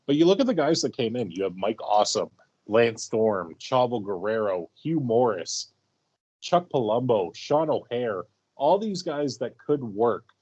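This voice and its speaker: Loud brash podcast dude, gets hyped, swears a lot. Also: male voice, mid-range voice, muffled recording. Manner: excitable, brash, swears freely. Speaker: podcast co-host. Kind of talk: casual podcast chat.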